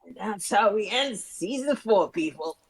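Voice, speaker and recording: A woman's voice: medium pitch, animated, unhurried, breathy edge, poor audio. A middle-aged woman co-hosting a podcast, chatting casually with dramatic reactions and playful asides to listeners. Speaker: podcast co-host. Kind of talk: casual chat.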